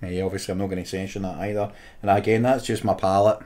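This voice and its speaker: Low-voiced Scottish man chatting casually. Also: fairly even intonation, fast, darkish tone. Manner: chatty, laughs readily, trails off mid-sentence. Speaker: podcast co-host. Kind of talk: casual chat.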